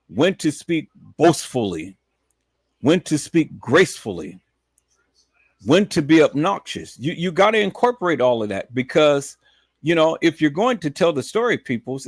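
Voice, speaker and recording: Emphatic man streaming, swings to shouting. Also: no room sound. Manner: preachy, repetitive, addresses viewers as peoples; swings from low muttering to loud emphatic shouting. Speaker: live stream host. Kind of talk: live stream monologue.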